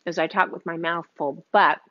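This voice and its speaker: A woman's voice: medium pitch, unhurried, lo-fi sound. A woman hosting a live cooking demonstration from her kitchen, gushing and chatting with her viewers. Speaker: cooking show host.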